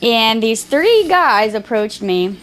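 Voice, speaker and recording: A woman's voice: on the high side, slow. A woman, an actress, chatting on a commentary track and telling stories with acted-out quotes. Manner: lively storyteller, acts out quotes. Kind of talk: casual commentary chat.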